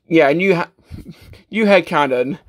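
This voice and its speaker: Speaking at a normal speed in a slightly high voice, a man casually reviews a toy. He stammers a lot, fills gaps with "uh" and restarts, and comes across as matter-of-fact and self-deprecating.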